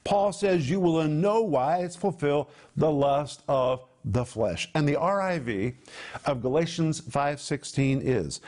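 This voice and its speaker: Middle-aged guy preaching on tv, emphatic and steady, voice sits a bit high. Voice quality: emphatic, measured preaching delivery. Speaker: television Bible teacher. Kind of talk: televised Bible teaching.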